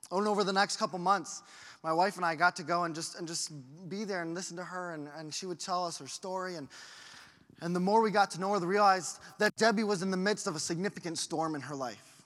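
A family life pastor delivers an earnest sermon in a storytelling manner, often repeating words as he goes. His high-pitched, somewhat bright voice moves fairly quickly, and the recording has the echo of a hall.

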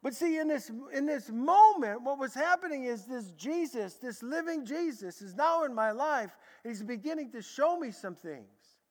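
A man preaching a sermon, telling his story in a lively way and acting out the dialogue. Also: extremely high pitch, moderate pace, hardly any pauses. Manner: animated, acts out dialogue in a lively way. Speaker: preacher giving a testimony. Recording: echoey large hall.

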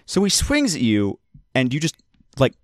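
A man narrating as game master of a tabletop role-playing game, relaxed and hesitant, with many fillers. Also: mid-range voice, normal speed, dry recording, clean studio sound.

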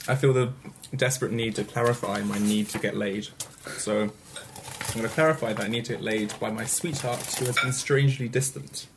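A man with a gravelly, creaky voice jokes his way through building a character at a tabletop game. His delivery is wry and playful, and a clear hiss runs under the noisy recording. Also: on the low side, moderate pace. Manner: wry, joking. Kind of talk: casual tabletop game chat.

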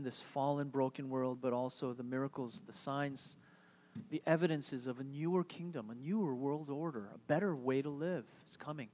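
Male pastor, live sermon, easygoing and conversational, stumbles over repeated words, mid-pitched. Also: darkish tone. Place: church service with congregation.

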